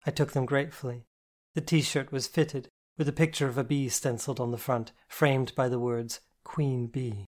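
A man's voice: mid-range voice, steady tone, moderate pace, darkish tone. Man reading a novel aloud. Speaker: audiobook narrator. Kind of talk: scripted first-person novel narration.

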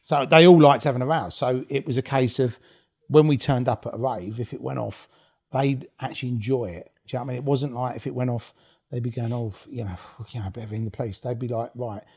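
A man's voice: medium pitch, steady tone, quick pace, a little mellow, husky. A man, telling blunt, swear-filled stories as an interview guest, laughing as he goes. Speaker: guest, former rave promoter. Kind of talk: casual storytelling interview.

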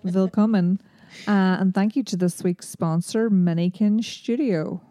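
Irish woman, podcast co-host, mid pitch, mellow tone, easygoing. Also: measured pace, dry recording, studio quality. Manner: relaxed, laughs easily. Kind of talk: casual chat.

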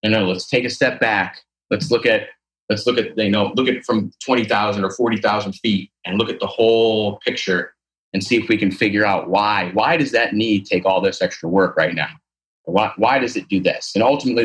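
Guy w a lowish voice, trainer type, rambles a bit, lots of likes and ums, earnest. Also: a little fast, fairly bright tone. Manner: rambling and earnest, with many fillers and restarts. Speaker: athletic trainer and posture therapist. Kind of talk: casual conversational interview.

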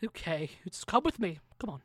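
A woman voicing a timid male Robin Hood-style minstrel who talks high and flustered. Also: big pitch swings, normal speed, a bit bright, breathy edge, heavily acted.

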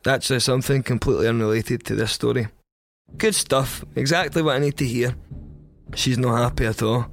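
Young Scottish male storyteller, deadpan and crude, mid-range voice. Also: medium pitch, brisk, dry recording, faint music behind. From Scotland. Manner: wry, deadpan, crude humour. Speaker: podcast storyteller. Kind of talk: first-person comic storytelling.

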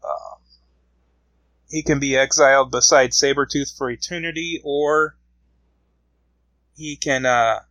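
A man's voice: medium pitch, steady tone, takes it slowly, long pauses, fairly bright tone, dry recording, low-quality recording. A man casually retelling a comic book story, rambling along with frequent fillers.

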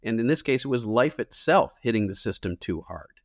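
A man's voice: medium pitch, expressive, fairly quick, dry recording, studio quality. A climate scientist man answering interview questions in an earnest, explanatory way with occasional fillers.

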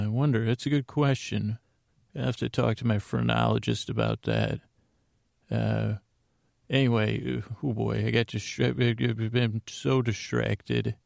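A man's voice: mid-range voice, vocal fry, a little mellow, dry recording, studio quality. A man hosting a bedtime podcast, talking in a meandering, self-interrupting way with wry asides. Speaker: podcast host. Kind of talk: rambling bedtime podcast monologue.

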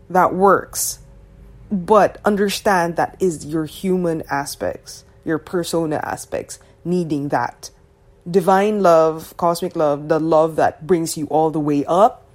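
A woman hosting a spiritual podcast speaks in an unhurried, slightly low voice. Her delivery is loose and meandering, full of fillers and asides. She swears casually and laughs between points. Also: a little mellow. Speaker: podcast host.

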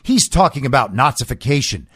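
A man's voice: medium pitch, big pitch swings, fairly quick, fairly bright tone, husky, dry recording, studio quality. A man hosting a political commentary show, reading news quotes and mocking them sarcastically. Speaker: podcast host.

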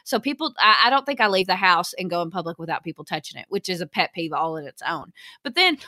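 Young female podcast co-host, bright edgy tone, rambling chatty storyteller, dry booth sound. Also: fairly low pitch, animated, fast, no echo. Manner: chatty storytelling, many fillers. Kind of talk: casual chat.

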